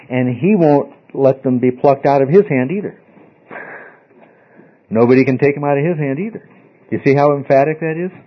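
Man, husky voice, emphatic classroom teacher, dull lo-fi recording. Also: mid-range voice. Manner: emphatic, asks the class questions often.

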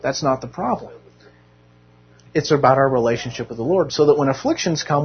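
A man's voice: medium pitch, lively intonation, brisk, pauses often, muffled recording, slight background noise. A man giving an informal, conversational sermon to a church group, earnest with self-deprecating humor. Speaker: Bible teacher.

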